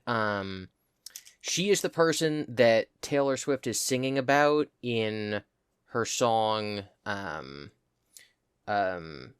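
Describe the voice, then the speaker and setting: A man's voice: on the low side, smooth, no room sound, clean studio sound. A man co-hosting a casual podcast, rambling and exasperated as he laughs at himself. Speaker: podcast co-host. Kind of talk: casual chat.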